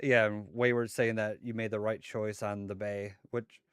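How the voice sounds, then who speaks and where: A man's voice: on the low side, flat delivery, moderate pace, a bit bright, clean tone, dry recording, clean studio sound. A man from Minnesota co-hosting a podcast, upbeat, reading chat comments and steering the talk back on topic. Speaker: podcast co-host.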